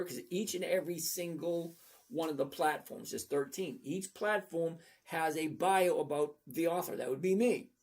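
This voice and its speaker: A man in his sixties hosting a trading livestream, talking bluntly and rambling as he reads out viewers' comments. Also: fairly high pitch. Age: 60s. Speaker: trading channel host. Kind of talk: casual livestream talk.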